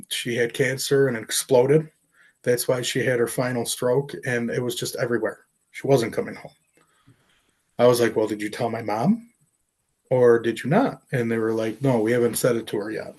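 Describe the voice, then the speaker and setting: A man's voice: mid-range voice, a little mellow. Earnest man telling a painful story. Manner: earnest, emotional, halting with fillers. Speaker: artist and professor. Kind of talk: personal storytelling interview.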